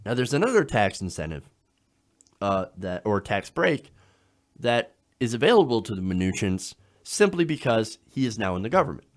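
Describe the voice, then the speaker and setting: A man's voice: on the low side, very animated, normal speed. A man hosting a political commentary show, explaining in an emphatic style and often checking in with the listener. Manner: emphatic, explanatory, frequent "now" and "okay?" checks.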